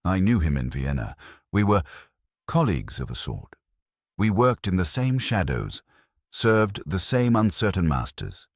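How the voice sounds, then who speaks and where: A man voicing a cool, guarded middle-aged spy with a faint German accent, measured and cryptic. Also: low voice, wildly swooping pitch, no room sound, clean studio sound, heavily acted. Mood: grave.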